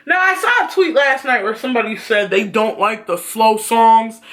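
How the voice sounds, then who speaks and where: A man giving a blunt, profane, animated ranting review on his vlog. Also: very high-pitched, moderate pace. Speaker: YouTube reviewer.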